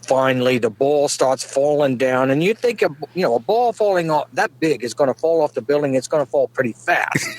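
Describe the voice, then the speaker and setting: A middle-aged man tells a rambling comic story in a folksy way. His voice sits at an ordinary middle pitch. He often breaks into chuckles at his own jokes. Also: animated, brisk. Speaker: comedic podcast guest. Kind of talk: rambling comedic monologue.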